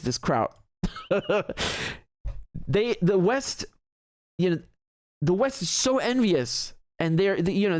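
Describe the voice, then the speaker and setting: A man's voice: high voice, no echo, clean studio sound. Indignant man hosting live commentary. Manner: indignant, emphatic, swears freely. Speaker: political commentary host. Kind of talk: live commentary on a video clip.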